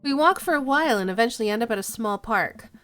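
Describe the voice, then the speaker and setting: A woman's voice: fairly high pitch, expressive, fast talker, fairly bright tone, faint music behind. A woman streamer playfully reading a dating game aloud and chatting with viewers.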